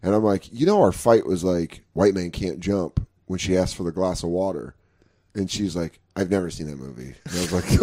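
A man's voice: fairly low pitch, normal speed, a little mellow. A man in his thirties, a comedian casually telling stories, acting out both sides and swearing freely. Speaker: comedian podcast host. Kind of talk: casual storytelling chat.

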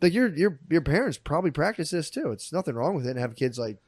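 A man's voice: on the high side, big pitch swings, fast, dry recording. A man in casual comedy chat, crude and laughing as he acts out quotes.

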